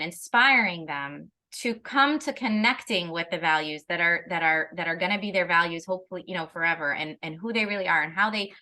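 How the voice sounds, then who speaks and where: A woman's voice: medium pitch, bright, forceful tone. A woman, a parenting educator, in a casual conversation, talking animatedly with frequent restarts and laughs.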